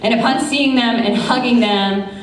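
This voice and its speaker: An American woman in her thirties, an attorney, telling a true story on stage with lively quoted dialogue. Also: on the high side, normal speed. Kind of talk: live storytelling performance. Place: large event space, live audience. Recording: echoey room from far off.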